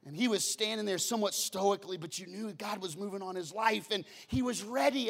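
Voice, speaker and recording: Animated high-voiced preaching man. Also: brisk, vocal fry, few pauses. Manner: animated storytelling, acting out quoted voices, swings from hushed to loud; repeats words when starting phrases. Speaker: pastor. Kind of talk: sermon.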